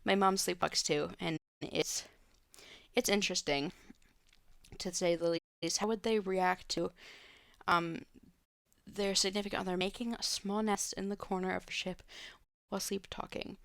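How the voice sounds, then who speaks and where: A woman's voice: mid-range voice, fairly even intonation, normal speed, vocal fry, pauses often, fairly bright tone, no echo, clean studio sound. A woman streamer at home, answering viewer questions in a loose, rambling way with many fillers and restarts. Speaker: live streamer. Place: home room.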